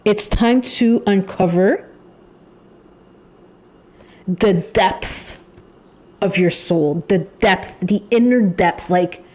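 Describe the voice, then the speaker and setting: A woman giving a channeled tarot reading, talking in an emphatic, repetitive way with pauses and sighs. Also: mid-range voice, darkish tone. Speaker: tarot reader.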